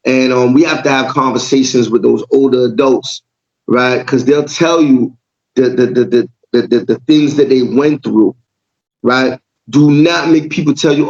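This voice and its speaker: A man's voice: medium pitch, unhurried, a little mellow, lo-fi sound. A man from Jamaica co-hosting a casual podcast, making his points with repeated words and frequent "right?" checks. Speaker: podcast co-host.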